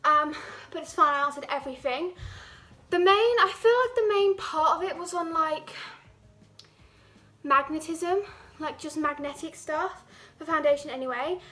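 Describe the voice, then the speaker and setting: Out of breath, an English teen vlogger rambles chattily to her camera, leaning heavily on "like." Her voice is high and bright with a forceful tone, at a moderate pace.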